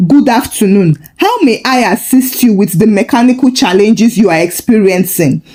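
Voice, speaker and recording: A woman's voice: mid-range voice, animated, moderate pace, warm tone, natural voice. A woman voicing a cheeky male mechanic who turns playfully mock-polite.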